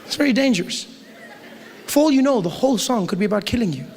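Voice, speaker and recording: A man's voice: very high-pitched, lively intonation, fast. A man performing stand-up comedy with a punchy, emphatic delivery. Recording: live show with loud roaring crowd.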